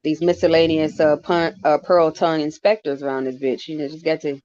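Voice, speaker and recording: A man on a casual stream chat, talking in a halting, rambling way with many restarts and wry jokes. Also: on the high side, flat delivery, a little mellow, no echo, lo-fi sound.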